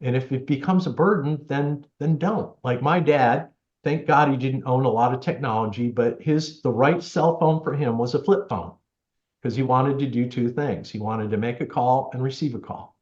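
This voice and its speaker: A man's voice: medium pitch, normal speed. A man chats easily as an interview guest, telling anecdotes and slipping into the voices of people he quotes. The sound is somewhat dull and carries the echo of a roomy space. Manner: chatty, animated storyteller, acts out quotes. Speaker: tech helper for seniors, guest. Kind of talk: casual storytelling interview.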